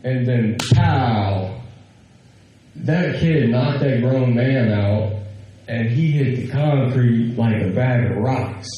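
A man telling a personal story in a casual, animated way, quoting other people and laughing as he goes. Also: mid-range voice, slow, lo-fi sound, a little hiss or hum. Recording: very echoey room.

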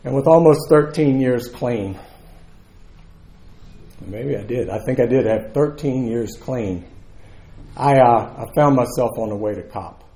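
A man's voice: medium pitch, a little slow, long pauses, dark tone, reverberant. A man, telling his recovery story to a live meeting in a candid, earthy, conversational way. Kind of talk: personal testimony to a live audience.

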